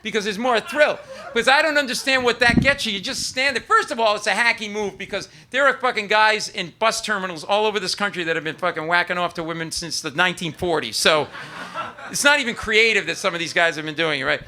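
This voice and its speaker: Bright, high-voiced profane comedian. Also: male voice, expressive, fast. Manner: rambling, profane, acts out both sides of conversations. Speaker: stand-up comedian. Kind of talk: stand-up comedy set. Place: comedy club stage. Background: audience laughter.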